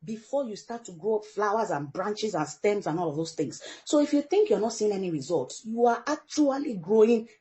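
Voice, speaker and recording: Middle-aged woman from Africa, parent guest, animated storyteller who plays out quoted dialogue. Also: medium pitch, moderate pace, hardly any pauses. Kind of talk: storytelling in a podcast interview.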